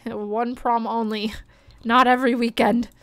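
A young woman streaming a life-simulation game, chatting excitedly and gushing over the characters as she plays. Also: a little high, slow pace, smooth, dry recording. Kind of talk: life-sim gameplay commentary.

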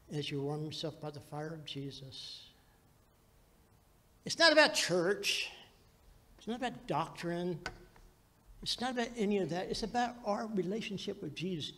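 A man preaching a sermon as pastor, telling the story dramatically and swinging between loud and hushed passages. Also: high-pitched, in a large hall.

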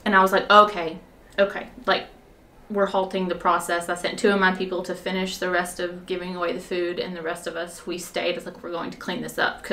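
A woman volunteer recounts a story at a middle pitch, in an everyday conversational way. She talks in halting stretches, full of fillers and restarts. Her telling keeps slipping into laughter. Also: a bit bright.

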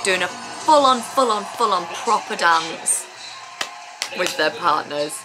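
A woman giving an excited, casual reaction commentary as a dance vlogger, gushing, gasping and exclaiming as she watches. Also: on the low side, measured pace. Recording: music playing loudly behind her.

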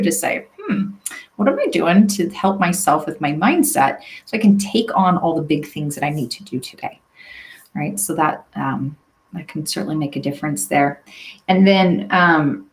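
A woman with a fairly low voice gives a relaxed solo talk as a coach. She speaks reflectively and conversationally, asking the listener questions and often checking in with "right?" along the way. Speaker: leadership and career coach.

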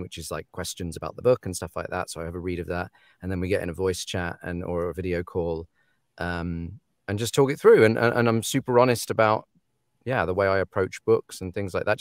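A man's voice: sits low, no room sound, studio quality. A man, an audiobook narrator, chatting casually and laughing often. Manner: animated, laughing, acts out quoted authors. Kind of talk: casual podcast chat.

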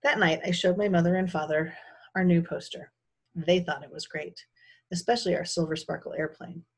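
A woman teacher reading a children's novel aloud in an unhurried, expressive way. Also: fairly low pitch, slightly rough.

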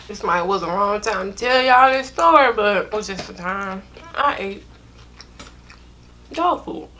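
A young woman, telling a storytime to her viewers in an animated, drawn-out way. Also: medium pitch, slight background noise. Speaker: vlogger. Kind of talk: casual storytime chat.

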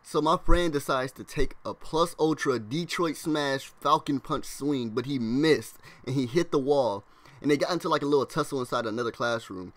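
A young man casually telling a story to his vlog audience. He rambles in slang, fills his speech with "like", and acts out classmates' lines in quick impressions. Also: medium pitch, fairly bright tone.

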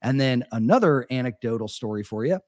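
A man's voice: mid-range voice, lively intonation, a little fast, darkish tone, no echo, clean studio sound. A man co-hosting a money talk show, casually telling stories in a laid-back way with lots of filler words. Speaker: co-host. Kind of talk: casual chat. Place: Austin.

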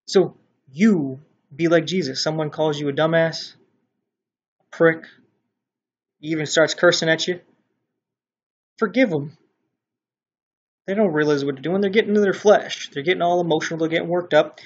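A man preaching casually and bluntly, with mild swearing, and growing louder and more animated when he makes a point. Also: a little high, normal speed, pauses often, husky. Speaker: online Christian commentator. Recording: dull lo-fi sound.

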